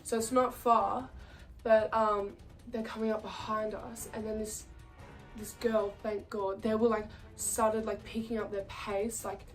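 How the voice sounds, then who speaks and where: A woman's voice: medium pitch, level tone, unhurried. A young woman telling a story in a casual, chatty way, with lots of fillers and frequent laughing. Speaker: vlogger. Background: faint background music.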